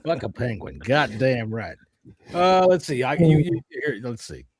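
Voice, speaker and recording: A man's voice: mid-range voice, very animated, measured pace, breathy edge, no room sound. A man hosting a podcast, telling crude jokes in a casual chat and laughing often. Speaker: podcast host.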